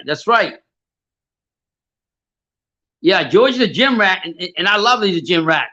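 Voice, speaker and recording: Profane, high-voiced man venting on stream. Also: animated, unhurried, long pauses, bright, forceful tone, highs cut off. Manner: frustrated, profane, stammering, answers chat comments. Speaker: live stream host. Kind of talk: live fight reaction chat.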